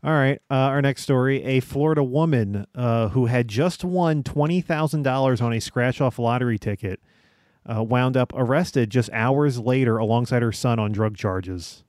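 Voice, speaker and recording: Young male podcast host, mid-pitched, dry recording, reads odd news with halting "uh" pauses. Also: a little mellow, dry recording. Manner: reads stories with frequent "uh" pauses, breaks into laughs. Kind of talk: comedic news-reading podcast.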